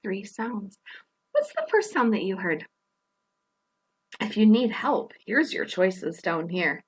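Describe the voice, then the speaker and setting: A woman teaching young children phonics, gently sounding out letters and words and encouraging them as she works through a worksheet. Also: mid-range voice, big pitch swings, takes it slowly, breathy edge. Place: indoors at a table, camera on her worksheet.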